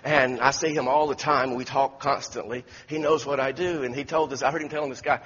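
A man with a medium-pitched, fairly bright voice preaches a sermon a little fast, keeping his intonation fairly even. The pastor tells folksy stories and restarts often, and the sound is dull and lo-fi in an echoey church hall.

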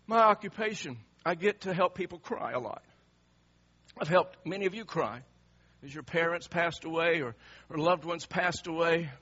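A male pastor preaches with strong emotion, his voice dropping soft and rising loud. His tone is bright but husky and sits a little high. The recording sounds slightly muffled. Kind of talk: sermon.

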